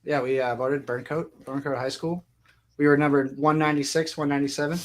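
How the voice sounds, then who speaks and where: A man's voice: on the high side, little pitch movement, fairly quick. A man co-hosting a casual panel chat over a video call, joking and rambling. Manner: joking, rambling, laughs often. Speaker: co-host.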